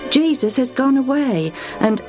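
A woman's voice: fairly high pitch, sing-song, a little slow, soft background music, voice pushed up, poor audio. Woman voicing Lucius, a gushing eager man. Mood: joyful. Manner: bright, gushing, emotional. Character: cheerful eager grown man, a healed believer. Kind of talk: storybook radio reading.

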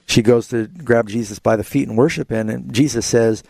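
A man's voice: mid-range voice, moderate pace, gravelly, darkish tone, no echo. A man hosting a call-in radio show, earnestly explaining Bible passages to callers. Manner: earnest, explanatory, quotes scripture. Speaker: radio Bible talk host.

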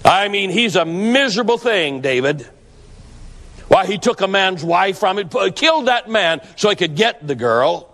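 A man's voice: high-pitched, animated, moderate pace, a bit bright. A preacher voicing a chatty, opinionated male neighbor who gossips in a folksy, confiding way. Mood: disapproving. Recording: long hall reverb.

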